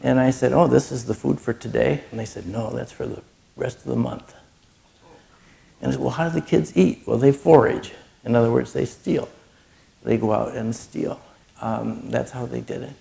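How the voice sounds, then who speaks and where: Middle-aged man, charity speaker, earnest storyteller; heavy vocal fry, mid pitch. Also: steady tone, normal speed, mellow. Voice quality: gravelly. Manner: earnest storytelling, gets choked up. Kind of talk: personal testimony talk.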